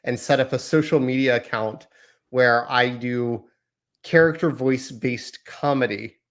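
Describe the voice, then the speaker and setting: Here the thirty-something podcast host talks a little slowly in a mid-range voice. His casual delivery wanders and chatters, laced with self-deprecating remarks.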